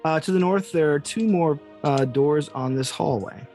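A man's voice: fairly high pitch, moderate pace, mellow, faint music behind. A man running a tabletop game as game master, narrating with easy laughs.

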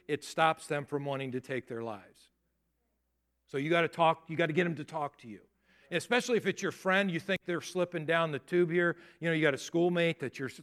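A middle-aged male pastor delivering a sermon in an earnest, emphatic way, often acting out the words of the people he describes. His voice sits somewhat high for a man and climbs when he presses a point. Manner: earnest, emphatic preaching with rising intensity and acted-out quotes.

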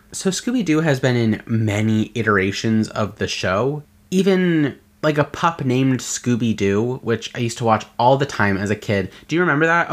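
A man's voice: medium pitch, a bit bright. A man hosting his own podcast, talking casually on his own in a chatty, playful way with joking asides. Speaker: podcast host. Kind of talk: casual solo podcast chat.

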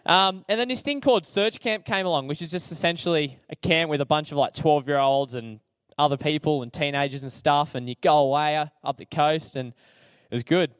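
A man's voice: fairly high pitch, fairly quick, clean tone, no room sound, studio quality. A young Australian man telling his own story to an audience in a chatty, slangy, self-deprecating way, with lots of fillers. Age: young adult. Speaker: speaker sharing his testimony.

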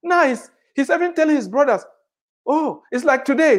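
With an expressive voice moving at a moderate pace, a preacher who came to the United States as an immigrant delivers an impassioned sermon, rising high and dropping low on each point. Key phrases come back again and again, alongside a stream of rhetorical questions aimed at the congregation.

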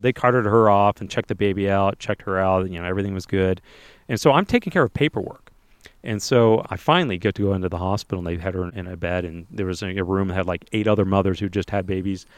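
Fast-talking man telling a story. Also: low voice, clear, resonant tone, no echo. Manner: animated, acts out others' lines in voices. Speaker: podcast co-host telling a personal story. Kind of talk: casual interview storytelling.

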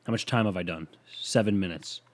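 A young podcast host with a deep voice talks a little fast as he tells rambling, self-mocking comedy stories. It's a solo monologue recorded on a studio microphone.

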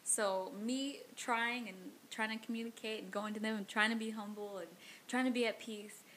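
A woman's voice: a little high, steady tone, normal speed, fairly bright tone, a little hiss or hum. A woman co-hosting a casual faith talk, earnest and agreeable, quoting scripture. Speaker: co-host.

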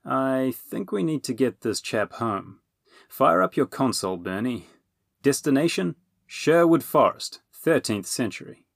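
A man voicing a cheerful, fussy male wizard, chummy and brisk. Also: mid-range voice, expressive, creaky, dry recording, studio quality, pitched above the performer's own voice.

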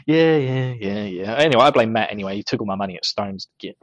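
A man's voice: lowish voice, lively intonation, fast, no room sound, highs cut off. A British man co-hosting a podcast in casual banter, joking and laughing often. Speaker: podcast co-host and editor.

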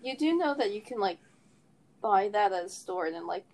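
A woman's voice: mid-range voice, animated, moderate pace, background noise. Young woman, casual chat, kinda dry teasing tone. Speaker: conversation partner.

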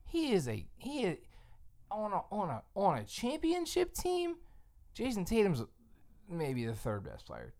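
Man, podcast co-host, loud profane sports rant, voice swinging up and down a lot. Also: high-pitched, huge pitch swings. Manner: profane, fast, emphatic ranting.

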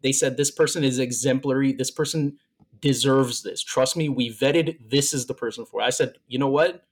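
A man's voice: medium pitch, steady tone, normal speed. Emotional man telling a long story. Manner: rambling, repeats words while telling a story. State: emotional and a little out of breath. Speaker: podcast co-host. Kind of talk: casual chat.

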